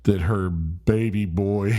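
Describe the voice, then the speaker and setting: Guy, very low voice, rambling self-deprecating storyteller. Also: warm tone. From Memphis, USA. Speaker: vlogger. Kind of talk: casual storytelling.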